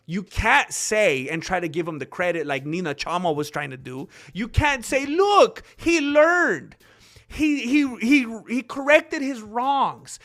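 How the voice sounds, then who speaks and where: A man whose voice sits high and a bit bright runs an MMA commentary vlog. Sarcastic and full of opinions, he acts out both sides of an argument.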